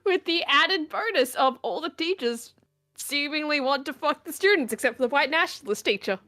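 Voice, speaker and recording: Higher-voiced woman, stammering casual chat. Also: expressive, brisk, pushed and bright. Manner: hesitant, stammers, laughs. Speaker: guest streamer.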